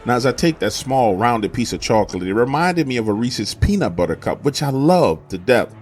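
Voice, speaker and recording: Earnest man telling a lively story. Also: medium pitch, brisk, a little hiss or hum. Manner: earnest, conversational. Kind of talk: spoken true-story narration.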